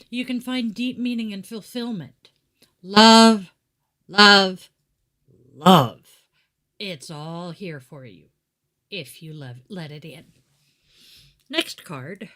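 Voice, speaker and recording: A middle-aged woman hosting a live tarot stream from home, talking slowly and unhurriedly. She chats warmly, wanders into asides and reads each card aloud in a relaxed way. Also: fairly high pitch. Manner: chatty, warm-hearted, meandering with asides. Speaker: tarot reader and yoga teacher.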